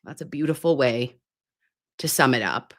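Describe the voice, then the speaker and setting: A woman's voice: very deep voice, lively intonation, moderate pace, dry recording, studio quality. A woman in her forties, a nurse hosting a casual livestream, reading viewer comments in a chatty, giggly, sometimes flustered way and calling viewers babe. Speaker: nurse streamer hosting a live chat. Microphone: computer mic.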